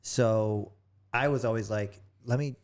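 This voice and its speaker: A man's voice: fairly low pitch, a little slow, darkish tone. A man talking casually as a podcast guest, rambling with many restarts into a studio microphone. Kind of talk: casual chat.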